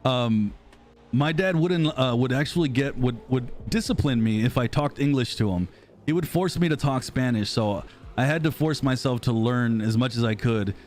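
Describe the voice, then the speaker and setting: Casually chatting with stream viewers and reading their comments, a thirtysomething American man with an American accent rambles and jokes at his own expense. He keeps a moderate pace at medium pitch with a darkish tone, against slight background noise.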